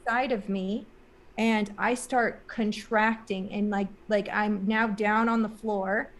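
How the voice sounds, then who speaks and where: A woman's voice: medium pitch, fairly even intonation, takes it slowly, slight background noise. A woman guest in an interview, telling a personal story in a casual, rambling way with many "like" and "um" fillers, earnest and emotional.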